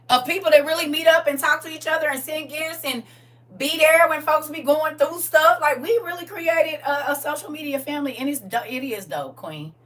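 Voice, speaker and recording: A woman hosting a casual livestream chat with her viewers, swinging from soft murmurs to loud, excited exclamations. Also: high-pitched. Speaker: livestream host. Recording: distant mic with faint background hum.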